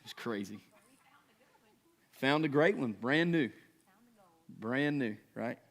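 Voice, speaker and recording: A man's voice: mid-range voice, lively intonation, slow, vocal fry. A man in his thirties, a pastor, preaching in a conversational way, asking the congregation questions and checking in with them. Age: 30s. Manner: conversational preaching with rhetorical questions and frequent "right?". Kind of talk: sermon.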